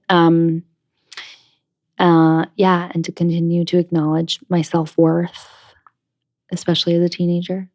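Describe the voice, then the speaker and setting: A woman's voice: fairly low pitch, a little mellow. A young woman from the New York area, a Broadway actress chatting as a guest, frank and full of fillers. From New Jersey/New York. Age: young adult. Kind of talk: casual interview chat.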